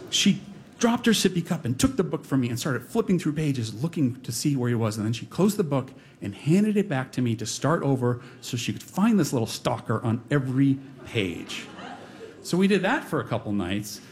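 A man's voice: mid-range voice, sing-song, normal speed, a little mellow. A middle-aged man telling a personal story on stage before a live audience, wry and self-deprecating with comic timing.

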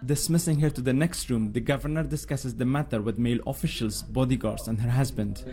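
A man delivering a scripted news report as a correspondent, in a measured, formal way. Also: medium pitch, mellow.

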